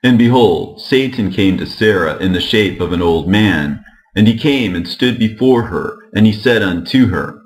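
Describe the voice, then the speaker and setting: Deep-voiced man reading scripture. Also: poor audio. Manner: measured, steady reading of archaic text. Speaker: narrator.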